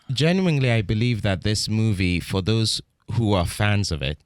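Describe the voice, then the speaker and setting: Low-voiced British man in a dry room. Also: no room sound. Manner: reflective, with frequent restarts and "you know". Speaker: guest actor. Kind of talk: casual interview chat.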